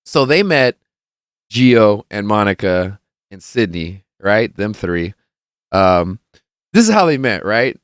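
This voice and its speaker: A man's voice: mid-range voice, smooth, no room sound, clean studio sound. A young man hosting a podcast, telling a rambling party story in casual chat, swearing freely, laughing often and acting out what people said. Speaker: podcast host.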